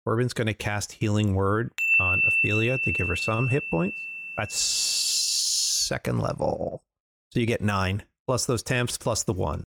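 A man playing a cleric in a tabletop game, talking quickly and urgently. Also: fairly low pitch, lively intonation, creaky, very noisy. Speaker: player. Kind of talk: casual tabletop play.

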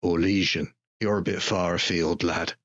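A man voicing a short, stocky, ill-tempered middle-aged lord in a tabletop game, gruff and curt, on a slightly dull lo-fi recording. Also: low voice, fairly even intonation, moderate pace, a bit bright, no room sound, voice pushed down. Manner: gruff, curt, swearing at servants.

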